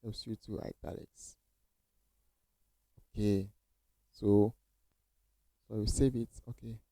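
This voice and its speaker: Low, mellow-voiced man teaching code. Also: fairly even intonation, slow pace, dry recording, rough recording. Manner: repeats phrases, encouraging, many okays. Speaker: coding tutor. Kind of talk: casual screen-share tutorial.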